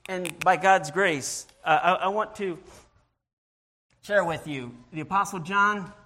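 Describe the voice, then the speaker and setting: A man giving an informal sermon, earnest and halting, often restarting and repeating his words as he searches for them, and reading scripture in a slower voice. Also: high-pitched, sharp tone. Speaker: lay preacher.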